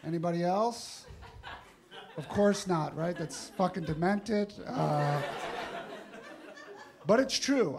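A man's voice: high voice, slow pace, a crowd in the background. A man doing a live stand-up comedy set on a club stage, telling stories wryly and acting out the questions people ask him. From New York. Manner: wry, storytelling, acts out other people's questions.

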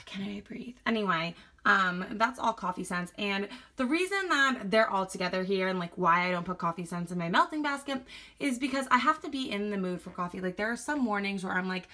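Bright chatty young woman vlogger. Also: medium pitch, expressive, fairly quick. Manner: rambling, chatty, filler-heavy, self-deprecating. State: slightly out of breath. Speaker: wax collection vlogger. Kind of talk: casual chat.

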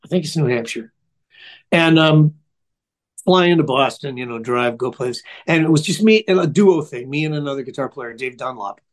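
A man's voice: medium pitch, normal speed. An older man, a musician guest in an interview, telling rambling, chatty stories in a casual way.

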